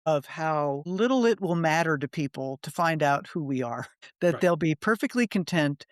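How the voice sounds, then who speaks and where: A woman's voice: low voice, expressive, moderate pace, no echo, clean studio sound. A woman hosting a reflective interview podcast, speaking thoughtfully in long, winding sentences. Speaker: podcast host.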